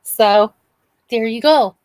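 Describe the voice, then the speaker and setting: Southern woman, north Georgia, casual chatter, dry close sound, higher pitch. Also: takes it slowly, darkish tone, no echo. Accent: Southern American. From north Georgia, USA. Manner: chatty, laughs often. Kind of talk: casual chat.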